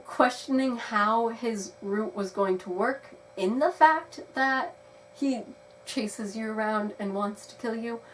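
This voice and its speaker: A woman's voice: a little high, slow. Chatty young woman reviewing games. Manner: chatty, rambling, laughs often. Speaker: game reviewer. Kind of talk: casual video review. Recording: slightly distant mic with faint noise.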